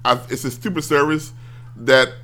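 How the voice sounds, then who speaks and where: Exasperated guy with a bright tone, rambling sarcastic storyteller. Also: medium pitch, steady tone, moderate pace. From United States. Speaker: office worker telling a story. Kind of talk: casual ranting monologue.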